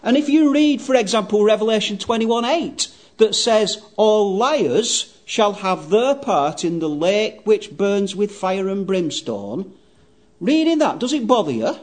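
A male preacher with a high voice delivers a sermon. He speaks earnestly and emphatically, with a very lively rise and fall in pitch. He quotes scripture at length and repeats his key phrases for effect. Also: a little slow.

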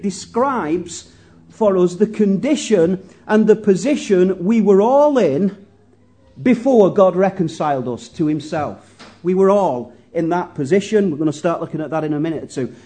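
A man's voice: high voice, dark tone. A man preaching a sermon earnestly, putting questions to the congregation and often repeating his words.

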